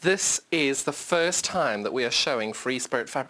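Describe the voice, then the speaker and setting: A young woman from the UK presenting a live shopping show, gushing and gasping with excitement as she unwraps fabrics. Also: deep voice, moderate pace, hardly any pauses. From United Kingdom.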